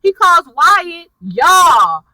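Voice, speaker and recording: High, bright-voiced woman recapping an episode. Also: drawn-out words, dry recording, distant mic, poor audio. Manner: animated, chatty storytelling, addresses viewers directly. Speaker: TV episode reviewer. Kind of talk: casual episode recap to viewers.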